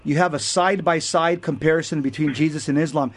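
A man's voice: fairly high pitch, steady tone, quick pace. Earnest man listing points. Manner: earnest, repetitive, lists points one by one. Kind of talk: casual explanatory talk.

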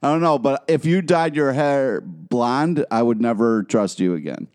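A man's voice: medium pitch, animated, a little slow, a little mellow. A man co-hosting a casual podcast chat in a laid-back, wry way, often with short agreeing replies. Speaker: podcast co-host.

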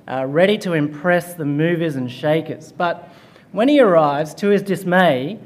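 A man preaching a chapel sermon, telling a story with light humor before working through a passage. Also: high voice.

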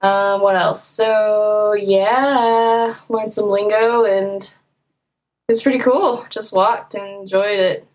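A woman's voice: mid-range voice, takes it slowly. A woman from the United States co-hosting a podcast in casual chat, chatty and laughing often. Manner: chatty, laughs often, quotes people in lively voices. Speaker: podcast co-host.

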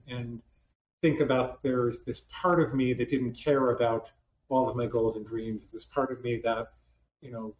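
In a dull, lo-fi hall recording that sounds roomy and distant, a psychologist addresses a live audience conversationally. His voice is mid-range and slightly mellow, and he uses self-deprecating humor with many restarts.

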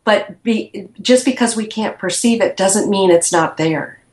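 A woman guest slowly and reflectively recounting a personal experience in an interview. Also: mid-range voice, a little mellow, echoey room.

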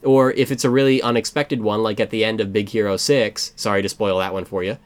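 A man with an American accent co-hosting a casual podcast about movies, rambling and joking with quick asides. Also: lowish voice, fairly even intonation. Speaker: podcast co-host. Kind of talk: casual movie review chat.

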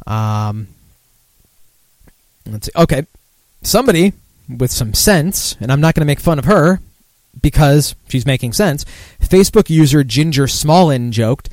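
A man's voice: fairly high pitch, animated, a little slow, a little mellow, no echo. A man hosting a casual drinking podcast, rambling and sardonic with lots of profanity. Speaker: podcast host.

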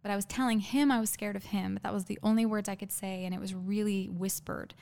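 A woman guest telling a painful personal story in a halting, earnest way, with many fillers and restarts. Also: mid-range voice, fairly even intonation, creaky, a little mellow.

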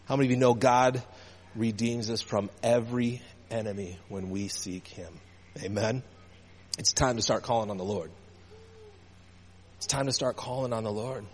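A man's lowish, darkish, slightly rough voice carries at a moderate pace as he preaches in a church sanctuary, the hall's reverb around him. As pastor, he calls out to the congregation call-and-response fashion, emphasis swelling and dropping.

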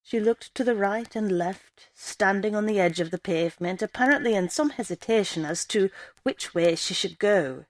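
A woman reading a first-person story aloud in a measured storytelling way. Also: medium pitch, dry recording. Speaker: story reader.

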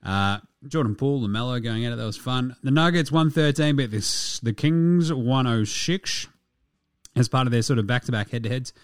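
A young Australian man talks basketball in a loose, rambling way. He swears freely, jokes constantly and slips into quick silly voices mid-sentence. His voice sits at an ordinary middle pitch and is recorded close and dry, with no room sound. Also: no echo. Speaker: podcast host. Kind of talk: casual sports chat.

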